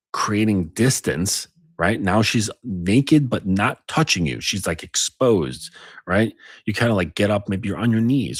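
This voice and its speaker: A man's voice: deep voice, breathy edge, no room sound, clean studio sound. A man giving dating advice in a casual monologue, insistently tagging lines with questions. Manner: insistent, repeats tag questions. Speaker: dating coach.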